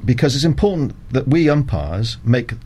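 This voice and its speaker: A middle-aged man, a cricket umpire guest on a radio interview, explaining rules in a measured, methodical way with frequent ums and uhs. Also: mid-range voice, very animated, a little mellow, a little hiss or hum.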